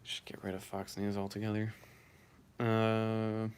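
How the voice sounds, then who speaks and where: A man's voice: lowish voice, completely flat delivery, measured pace, clear, resonant tone. A man hosting a casual live stream, reading viewers' messages aloud and answering them offhandedly.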